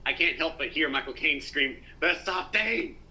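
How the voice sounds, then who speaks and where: A young man in casual film chat, enthusiastic and loose, swearing now and then. His voice is very bright and tense. The recording is dull and lo-fi, with faint noise behind. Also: medium pitch, fairly even intonation, a little fast. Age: young adult. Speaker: podcast co-host.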